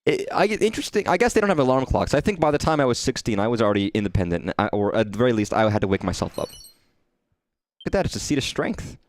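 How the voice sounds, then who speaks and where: A man's voice: mid-range voice, expressive, fast talker. A man commenting casually while streaming a game, chatty and echoing lines from the game in voices. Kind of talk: live gameplay commentary.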